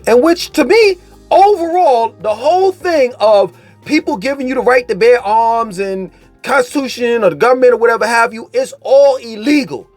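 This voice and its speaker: A man vlogging a casual commentary rant, animated, profane and mocking in tone. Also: extremely high pitch, moderate pace, soft background music.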